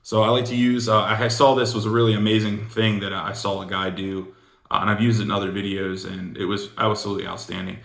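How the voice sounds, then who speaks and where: A man's voice: on the low side, little pitch movement, fast, gravelly, a bit bright. A man giving casual sales coaching, rambling and full of "you know" asides. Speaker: sales trainer. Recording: echoey room.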